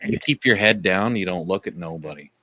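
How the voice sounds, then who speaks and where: A man's voice: low-pitched, brisk, pushed and bright, no echo. A man from Canada, talking emphatically in a casual live chat.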